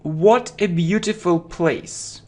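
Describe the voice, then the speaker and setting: A man teaches vocabulary at a very slow, careful pace, repeating words and phrases for his learners. His voice sits a little high for a man. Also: darkish tone. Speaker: English teacher.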